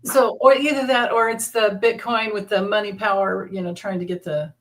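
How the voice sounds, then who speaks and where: A woman hosts a live tarot session and talks the cards through in a loose, rambling way. She restarts her sentences often and keeps the tone of casual chat. Her voice sits at an ordinary pitch for a woman. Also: fairly even intonation. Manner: rambling, halting, with frequent restarts and laughter. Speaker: tarot reader, channel host.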